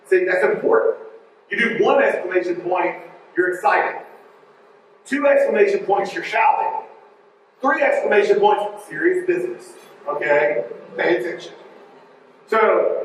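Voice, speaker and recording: High-voiced joking man in an echoey hall. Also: measured pace, long pauses, a little hiss or hum. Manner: joking, animated, digressive. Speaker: conference speaker. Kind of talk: live conference talk. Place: large conference hall. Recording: echoey hall, mic from far off.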